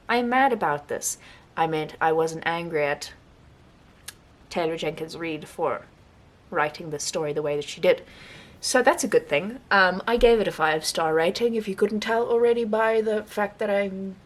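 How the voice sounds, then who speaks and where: Chatty young woman rambling about books. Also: fairly low pitch. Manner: chatty, rambling, animated, laughs often. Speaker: book vlogger. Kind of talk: casual monthly reading wrap-up.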